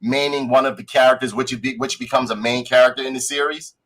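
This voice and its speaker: Male podcast co-host, mid pitch, animated storyteller who acts out lines and swears casually. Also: fast, poor audio. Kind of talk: casual chat reviewing a show.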